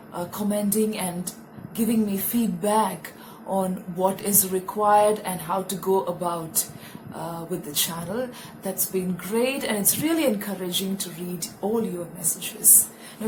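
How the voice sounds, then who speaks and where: A woman with an Indian English accent teaches an English lesson to camera at a mid-range pitch. She explains patiently and leans on key words to make them stick. A faint hiss of noise sits under her voice.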